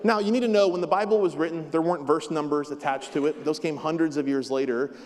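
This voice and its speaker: A man's voice: on the high side, fast talker, a little mellow. A man preaching a sermon as a pastor, emphatic and repetitive with touches of light humor, heard in a church sanctuary. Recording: long hall reverb.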